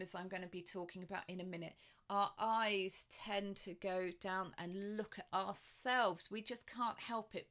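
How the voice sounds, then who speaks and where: A woman's voice: medium pitch, a bit bright. A woman voice coach giving a casual video tutorial, chatty, with frequent ums and light laughs. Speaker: voice and presence coach.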